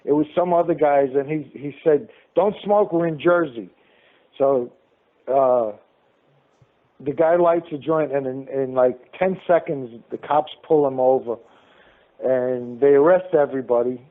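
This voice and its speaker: A man's voice: mid-range voice, a little slow. Man telling stories over a phone line. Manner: animated storyteller who acts out each person's lines. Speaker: interview guest. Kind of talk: casual anecdote telling. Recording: phone-line call-in audio.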